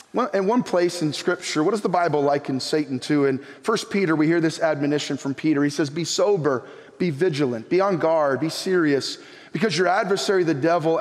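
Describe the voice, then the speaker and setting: A middle-aged man preaching a sermon and telling a personal story in an animated way, often repeating his words. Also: on the high side, in a large hall. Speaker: pastor. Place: church sanctuary.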